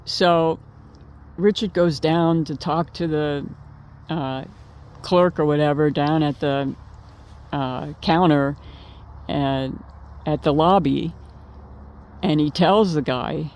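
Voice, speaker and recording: Her voice sits low with a darkish tone as this vlogger casually reminisces to viewers about her late partner. She wanders through the memory with fillers and restarts, laughing at times.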